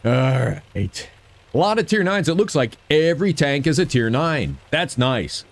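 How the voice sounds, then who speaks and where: A man's voice: medium pitch, gravelly. A man giving upbeat gameplay commentary and cheering on his own shots. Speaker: gaming video creator.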